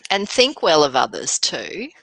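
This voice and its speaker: A woman's voice: lowish voice, big pitch swings, slow pace, gravelly, a bit bright, breathy edge, no room sound, poor audio. A woman co-hosting a casual live chat over a remote call, agreeable, with short affirming replies. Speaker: co-host of a live morning chat.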